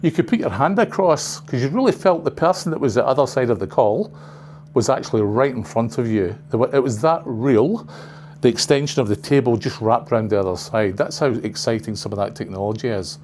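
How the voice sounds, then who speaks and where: A man's voice: mid-range voice, animated, fairly quick, a little mellow, a little hiss or hum. An older man giving a casual, rambling presentation to a class of trainers in a training room, full of side remarks. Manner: rambling, chatty, full of asides.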